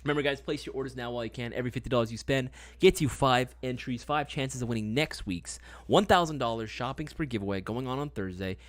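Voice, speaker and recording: A man's voice: mid-range voice, fast, few pauses, no room sound. Laid-back slangy young man, dry sound. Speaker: livestream host. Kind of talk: casual live-stream product chat.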